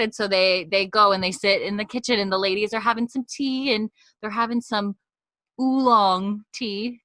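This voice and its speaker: A woman's voice: medium pitch, fairly even intonation, moderate pace, sharp tone, no echo. A woman co-hosting a podcast, recapping a show in a rambling, giggly way with lots of fillers. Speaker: podcast co-host recapping an episode. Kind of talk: casual chat. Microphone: desk podcast mic.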